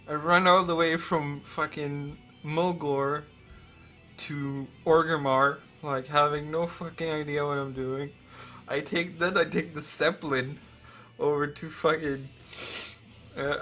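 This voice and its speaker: A man in his twenties on a live stream, telling a rambling, profane story with great excitement. He is emotional and close to tears. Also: on the high side, takes it slowly, soft background music.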